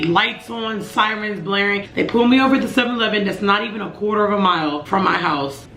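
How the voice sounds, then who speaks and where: A young woman in her twenties telling a personal story to camera, earnest and emotional, with halting restarts. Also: mid-range voice, fairly bright tone, echoey room, a little hiss or hum. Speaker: vlogger.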